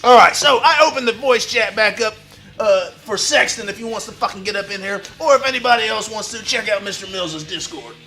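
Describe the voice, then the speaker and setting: A man hosts a game stream, his voice sitting very high with a bright, forceful edge and a rough, gravelly fry. He bursts into shouts and curses while bantering with his viewers. Faint music plays behind him. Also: brisk. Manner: excitable, shouty and profane, joking with chat. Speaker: livestreamer. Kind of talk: live game stream chat.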